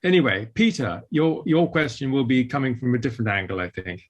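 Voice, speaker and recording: A male moderator in a question session, thoughtful and halting, filling pauses with hesitations as he links ideas. His pitch sits in a middle range. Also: animated, muffled recording. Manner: reflective, hesitant, with many "um"s.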